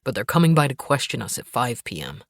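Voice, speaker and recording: A tense young husband, blunt and worried, his lines pushed down low, as a woman narrator voices him. Close and dry, with no room around it. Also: big pitch swings, fast talker, no echo, exaggerated voice.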